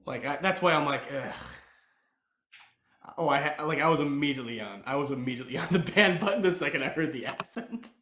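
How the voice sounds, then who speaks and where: A man's voice: a little high, lively intonation, fast talker, hardly any pauses, fairly bright tone, roomy sound. A man hosting a live stream, chatting casually in a joking, sarcastic way. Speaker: livestream host. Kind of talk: casual chat.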